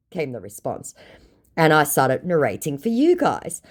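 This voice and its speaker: A woman's voice: low-pitched, wildly swooping pitch, moderate pace. A woman vlogger telling a story to her viewers and reading out chat messages in a mocking, sarcastic way. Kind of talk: storytelling to camera, reading chats.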